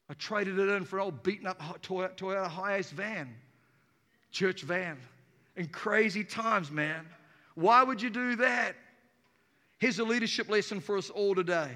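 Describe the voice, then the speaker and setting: A man preaching an energetic sermon to a congregation in a church auditorium, emphatic and playful. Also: high-pitched. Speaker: pastor. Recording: reverberant hall.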